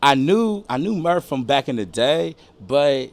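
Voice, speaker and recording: A middle-aged man from St. Louis sits in for a loose interview chat, his voice sitting at an ordinary middle pitch. He is a music producer spinning long anecdotes. He keeps things animated, swears freely and slips into the voices of people in his stories. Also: unhurried. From St. Louis, USA. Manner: animated storyteller who acts out quotes, swears freely. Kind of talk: casual storytelling interview.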